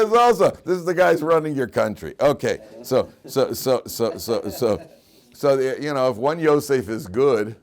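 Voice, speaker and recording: A man teaching a Torah class as a rabbi, animated and storytelling, acting out quoted lines with frequent restarts and laughter. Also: medium pitch. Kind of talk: lively Torah lecture.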